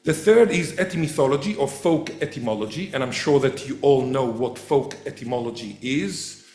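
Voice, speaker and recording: A man giving a public lecture as a professor, animated and quick to act out the voices he quotes. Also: mid-range voice. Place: event hall. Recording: echoey hall.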